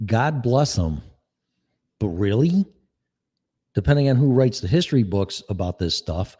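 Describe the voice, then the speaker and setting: A man's voice: on the low side, lively intonation, normal speed, long pauses, warm tone, husky. Sarcastic, profane man ranting. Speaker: political commentator. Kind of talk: ranting monologue.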